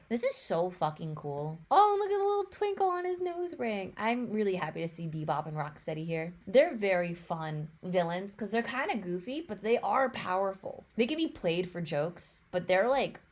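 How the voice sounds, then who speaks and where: A young woman giving casual, excitable reaction commentary on a movie teaser, gushing and full of fillers. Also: lowish voice. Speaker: YouTube reactor.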